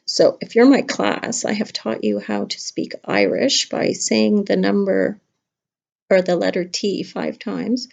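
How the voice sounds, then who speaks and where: A middle-aged kindergarten teacher chatting playfully to young children during a craft lesson at home. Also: female voice, medium pitch, fairly even intonation, measured pace, creaky, darkish tone. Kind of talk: casual craft lesson to camera. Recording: dull lo-fi home video.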